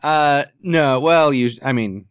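A man's voice: on the high side, slow pace, clean tone, dry recording. A man co-hosting a podcast in casual chat, rambling and jokey, swearing casually. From Ohio, US. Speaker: podcast co-host. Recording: dull lo-fi sound.

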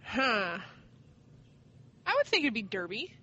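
A woman's voice: on the high side, normal speed, sharp tone, highs cut off. A woman co-hosting a casual podcast, playful and giggly, guessing unsure answers. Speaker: podcast co-host.

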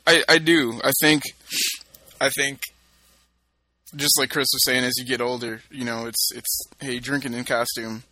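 A man's voice: medium pitch, fairly even intonation, moderate pace, pushed and bright, no room sound. A man co-hosting a casual podcast, telling self-mocking stories with lots of "you know" fillers. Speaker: podcast co-host. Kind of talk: casual chat.

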